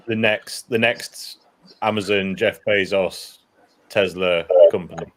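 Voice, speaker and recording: A man co-hosting a casual late-night live stream chat, with dry, wry understatement. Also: low voice.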